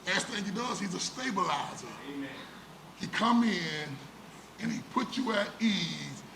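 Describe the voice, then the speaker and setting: A man's voice: sits high, lively intonation, unhurried, gravelly. A man preaching a sermon as pastor, dramatic, with rhetorical questions and lots of repetition. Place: church sanctuary. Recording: echoey church room with background noise.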